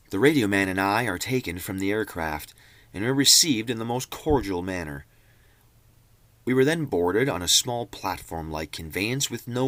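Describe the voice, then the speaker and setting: Guy reading a diary out loud, lowish voice that swings all over, dry close sound. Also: no room sound. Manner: theatrical, reads out punctuation aloud. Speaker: reader.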